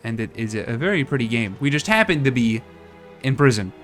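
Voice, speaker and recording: Over soft background music, a VTuber chats casually while playing a game, his mid-range voice animated, bright, and a little fast. His let's-play commentary is hesitant and musing, with plenty of restarts.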